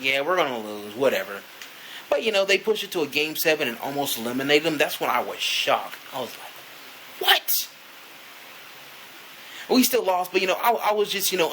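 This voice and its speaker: Bright-voiced man ranting about his team. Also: on the high side, slight background noise, low-quality recording. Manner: profane, rambling, frequent "you know" fillers. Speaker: vlogger, sports fan. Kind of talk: casual fan rant to camera.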